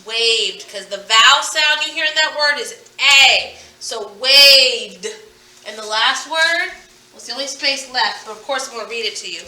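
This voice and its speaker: A woman's voice: high-pitched, expressive, moderate pace, bright, forceful tone. A woman teaching a phonics lesson, playfully stretching and stressing the sounds in each word. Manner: playful, over-enunciating target sounds. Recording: echoey room, distant from the mic.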